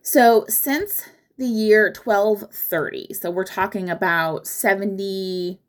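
A woman's voice: medium pitch, slow. Female podcast host, casual storyteller, conversational, mid-range voice. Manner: chatty, acts out quotes in mock voices.

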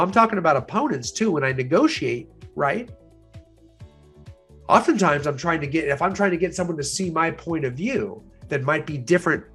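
Animated man coaching on rapport. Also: fairly high pitch, slightly rough. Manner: animated, acts out quoted voices, chuckles often. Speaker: sales and negotiation coach. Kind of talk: instructional talk.

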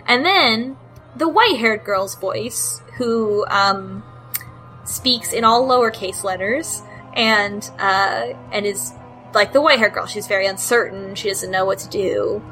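A woman's voice: medium pitch, a little slow, sharp tone, soft background music, rough recording. A woman in casual chat, animatedly retelling a story game and laughing often. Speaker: podcast co-host recapping a story game.

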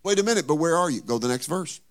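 A male pastor preaching a sermon in a conversational tone, firing rhetorical questions at the congregation and building to loud, emphatic peaks. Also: fairly high pitch, animated, rapid-fire.

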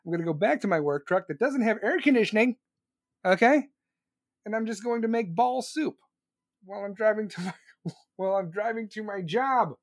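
A man's voice: high-pitched, expressive, fairly quick, pauses often, no room sound, studio quality. A man hosting a podcast, riffing casually on the live chat with crude jokes and swearing. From United States. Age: adult, still working. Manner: profane, joking, rambling banter.

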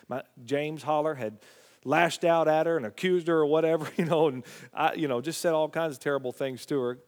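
A man's voice: fairly high pitch, fairly quick. Folksy man preaching in a reverberant hall. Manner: folksy storytelling, drops to a hushed voice. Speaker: Bible teacher. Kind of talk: preaching Bible study.

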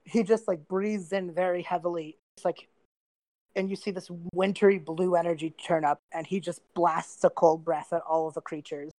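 A woman narrating a tabletop game as game master, relaxed and chatty, slightly losing her voice. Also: lowish voice, moderate pace, no echo. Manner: relaxed narration with frequent fillers and laughs.

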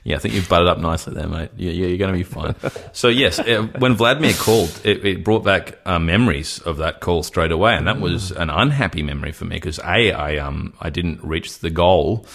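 A very low-voiced man tells a long, rambling story in casual podcast chat. He drifts into put-on whenever he quotes someone. His delivery is loose and anecdotal. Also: fairly quick, vocal fry, hardly any pauses, a bit bright. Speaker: podcast co-host.

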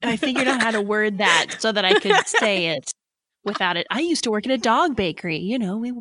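A woman's voice: mid-range voice, lively intonation, a little fast, sharp tone, no room sound, studio quality. A woman guest-hosting a podcast, playful and laughing through casual banter. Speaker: guest co-host. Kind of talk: casual chat.

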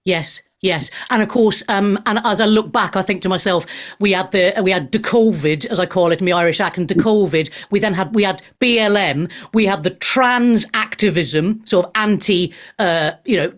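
A woman's voice: mid-range voice, moderate pace, few pauses. Brief: conversational female talk show host with casual, rambling questions. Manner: chatty, loosely phrased questions. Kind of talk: casual interview chat.

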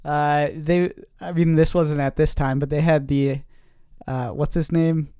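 A man co-hosting a casual podcast, going off on animated, rambling tangents. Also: a little high, a little slow, clean tone, no room sound, clean studio sound. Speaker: podcast co-host. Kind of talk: casual chat.

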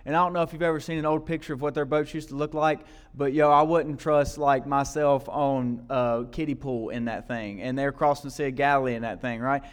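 A guest preacher gives a loose, conversational sermon to a church congregation, often tacking "right?" onto his lines, repeating words, and prompting listeners with questions. His mid-range voice is smooth and brisk, with fairly even intonation and hardly any pauses.

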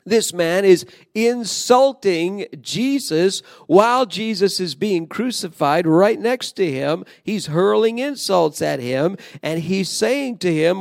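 A man's voice: high-pitched, expressive, takes it slowly, vocal fry, hardly any pauses, no room sound, studio quality. A man preaching a sermon in an earnest, emphatic way, often restarting his phrases. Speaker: pastor.

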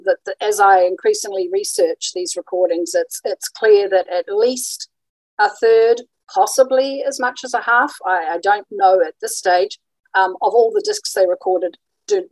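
A woman's voice: medium pitch, a little slow, no room sound, poor audio. A woman presenting a talk on radio history in a conversational way, with frequent ums and restarts. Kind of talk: informal illustrated talk.

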